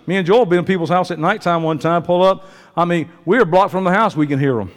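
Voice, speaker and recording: A man preaching a sermon, folksy and joking, swinging from quiet asides to loud preaching. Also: high-pitched, fast, big-room sound. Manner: folksy, joking, uses y'all and ain't. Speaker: pastor. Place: church sanctuary.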